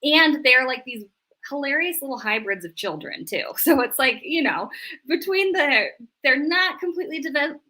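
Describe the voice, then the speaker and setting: Middle-aged woman therapist guest, lively and animated, crisp bright sound. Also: high-pitched, moderate pace. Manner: animated, acts out voices in quotes. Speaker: marriage and family therapist. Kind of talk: casual interview chat.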